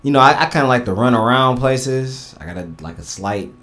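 A man's voice: medium pitch, lively intonation, a little fast, a bit bright. A man hosting a casual podcast with friends, loose and laid-back, often trailing off mid-sentence. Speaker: podcast host.

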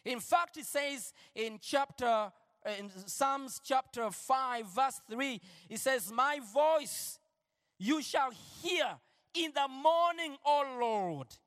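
A male preacher giving an impassioned sermon, shifting between quiet lines and shouted declarations. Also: very high voice, animated, takes it slowly, long reverb tail.

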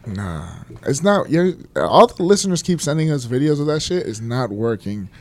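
A man's voice: mid-range voice, very animated, moderate pace, a little mellow. Blunt, mocking man on a podcast. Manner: blunt, mocking, laughs and swears often. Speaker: podcast co-host. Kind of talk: casual chat.

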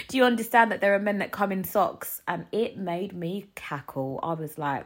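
A woman, ranting in a casual solo podcast, animated and rambling with frequent laughs. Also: lowish voice, slow pace, long pauses. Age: 20s. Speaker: podcast host.

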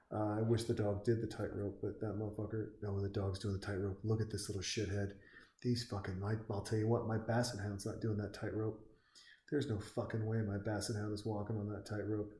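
A man's voice: lowish voice, warm tone. A man in his forties from Montana, giving casual, profane, rambling commentary while watching a movie. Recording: echoey room.

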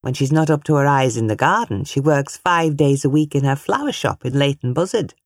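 A dignified older lady, voiced by a woman narrator, wry and warmly teasing. Her speech rises and falls with animation. Close, dry audiobook sound. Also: extremely low pitch, expressive, fairly quick, no echo, exaggerated voice. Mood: proud. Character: older widowed mother, warm and mischievous.

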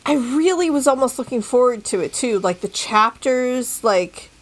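A woman's voice: fairly high pitch, lively intonation, moderate pace. A woman co-hosting a casual book discussion, talking in a chatty way with many filler words. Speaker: podcast co-host.

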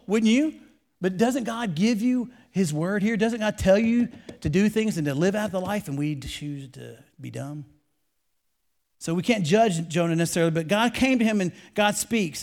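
A young man preaching a sermon, reading scripture aloud and then urging listeners to repeat lines back to him in a casual, energetic way. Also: high-pitched, moderate pace. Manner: energetic, calls for congregation to repeat after him; casual preacher talk with restarts. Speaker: pastor.

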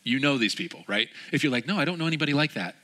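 A man in his thirties preaching a sermon in a lively way, acting out quoted people in changed voices. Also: mid-range voice, rapid-fire. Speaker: pastor.

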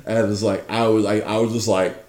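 A man telling a story in casual chat, animated and profane, laughing often. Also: lowish voice, quick pace. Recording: roomy echo.

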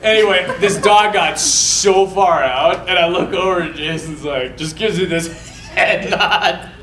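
A man's voice: high-pitched, unhurried, a bit bright, roomy sound, low-quality recording. A man, a Catholic priest, telling casual stories with frequent laughs, jokes and side stories. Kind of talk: casual storytelling to listeners.

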